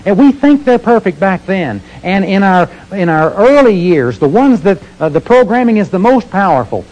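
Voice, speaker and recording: Through poor audio, a middle-aged motivational speaker talks to an audience at a moderate pace, his high, darkish voice swinging widely in pitch. He shares earnest stories and poses rhetorical questions that he answers himself.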